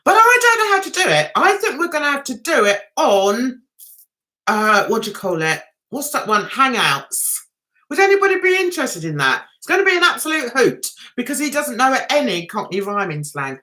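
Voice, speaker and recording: A woman's voice: high voice, sing-song, moderate pace, bright, forceful tone. A middle-aged woman with a London accent, hosting a casual livestream and chatting, teasing and giggling with her viewers. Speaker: livestream host.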